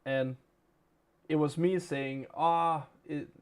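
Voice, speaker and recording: A man's voice: on the high side, steady tone, slow, clear, resonant tone. A young man with a Danish accent, hosting a live game stream in casual, chatty talk and laughing often.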